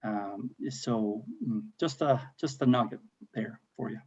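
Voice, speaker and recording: A man speaking in a panel discussion on a video call, halting and hesitant, with many fillers. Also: lowish voice, a little mellow, slightly rough, lo-fi sound.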